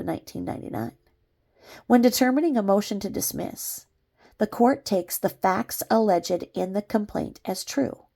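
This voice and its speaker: A woman's voice: fairly low pitch, vocal fry, warm tone. A woman reading a court filing aloud, breaking off now and then for sarcastic asides. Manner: reads legal citations, breaks off with sarcastic asides and laughs.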